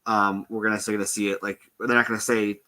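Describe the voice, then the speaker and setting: Bright-voiced man musing with many ums. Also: on the low side, flat delivery, fairly quick. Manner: thoughtful, hedging with lots of ums. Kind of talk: casual live stream chat.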